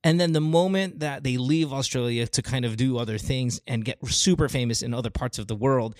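An animated male host from the Philippines chats with callers, circling back and restarting his sentences as he goes. His mid-range voice is recorded close and dry, with no room around it. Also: mid-range voice, a little fast, dry recording. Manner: animated, talks through examples with frequent restarts and laughs. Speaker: radio show host. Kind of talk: casual chat with callers.

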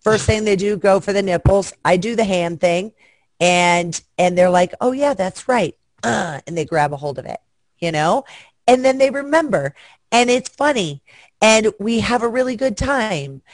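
A woman's voice: mid-range voice, lively intonation, normal speed, no echo. A woman guest chatting frankly and bawdily on a video call, joking as she goes. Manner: frank, bawdy, jokey. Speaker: guest performer. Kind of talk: casual chat.

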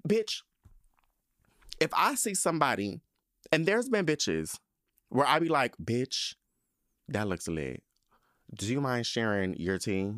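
A man's voice: mid-range voice, a bit bright, dry recording, clean studio sound. A man hosting a podcast, ranting in a sassy, profane, emphatic casual monologue. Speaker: podcast host.

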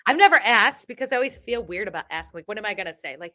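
A woman with a bright voice talks fast, rambling and letting her sentences trail off quietly. The recording is close and dry. She reads out listener questions as a co-host. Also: medium pitch, expressive, no room sound. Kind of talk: casual spiritual chat.

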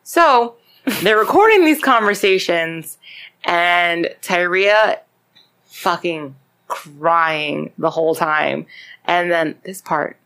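Woman host, lower voice, chatty and cussing, acts out quotes as she tells a crime story. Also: takes it slowly, clean tone. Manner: profane, animated retelling with acted quotes. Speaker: podcast host. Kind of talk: casual true-crime storytelling.

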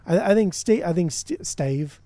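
A man's voice: high-pitched, animated, moderate pace, mellow, no room sound. A man co-hosting a podcast in casual music chat, rambling, swearing often and restarting his sentences. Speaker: podcast co-host.

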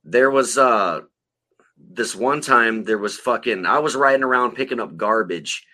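Podcast co-host, man, bright forceful tone, profane rambling storyteller. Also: mid-range voice, measured pace. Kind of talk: casual chat.

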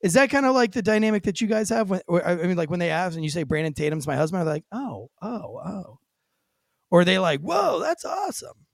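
A man's voice: high-pitched, very fast, creaky, hardly any pauses, dry recording, studio quality. A man hosting a podcast interview, chatting casually and telling stories with quoted voices. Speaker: podcast host.

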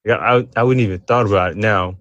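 A man co-hosting a casual chat with dry, brief comments and halting remarks. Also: on the low side, fairly bright tone, no echo, highs cut off.

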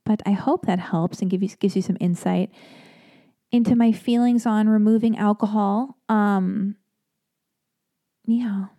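A woman hosting a podcast alone, chatting casually in a rambling way with animated asides. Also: mid-range voice, a little slow, long pauses, no room sound, clean studio sound. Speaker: podcast host. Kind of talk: casual solo podcast talk.

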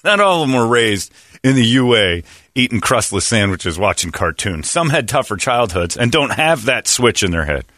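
A middle-aged radio host delivers casual talk radio banter at normal speed, launching into animated, profane rants that swing in pitch as he laughs at his own lines. The studio-quality recording has no echo.

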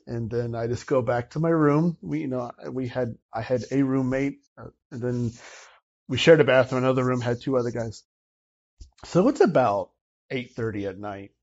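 Man, storytelling interview guest; animated, acts out quoted dialogue; dull lo-fi sound. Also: mid-range voice. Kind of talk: casual personal storytelling.

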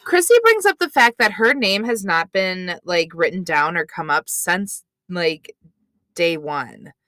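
Woman co-host, unhurried and blunt, bright, close dry sound. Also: fairly low pitch, lively intonation, dry recording. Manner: blunt, sweary. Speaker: podcast co-host. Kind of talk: casual recap chat.

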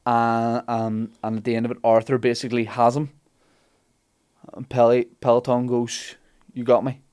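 Guy hosting a podcast, mid-pitched voice, swears a lot, tells the story like a pub yarn. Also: normal speed, clear, resonant tone. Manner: animated, sweary retelling with put-on character lines. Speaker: podcast co-host. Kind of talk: casual comic storytelling.

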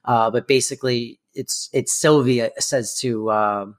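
A man co-hosting a casual recap podcast, explaining a sitcom episode in a loose, rambling way. He fills gaps with "um" and "like" and often restarts his sentences. His voice sits at an ordinary pitch for a man. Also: steady tone, a little slow. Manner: chatty, explains with frequent fillers. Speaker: podcast co-host.

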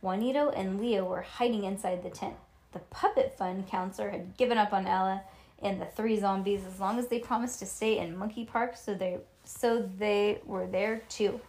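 A woman reading a children's book aloud to a child, lively and animated, with little asides. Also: mid-range voice, moderate pace.

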